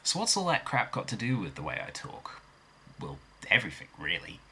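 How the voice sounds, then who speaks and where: A man's voice: fairly low pitch, wildly swooping pitch, a little fast, pushed and bright, slight background noise. A man in his twenties with a Birmingham accent, rambling in a self-deprecating way in a casual vlog. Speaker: vlogger.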